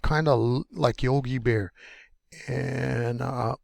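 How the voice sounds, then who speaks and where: A man teaching pronunciation, sounding out words slowly and repeating each syllable. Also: mid-range voice, steady tone, gravelly, darkish tone, no room sound, clean studio sound. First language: English. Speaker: language teacher. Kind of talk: pronunciation lesson.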